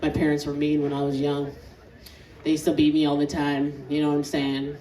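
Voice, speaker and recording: A woman in her thirties from Canada doing a stand-up comedy set on an outdoor stage, animated and laughing through her punchlines. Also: sits low, fairly quick. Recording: echoey outdoor set from a distance, crowd laughter.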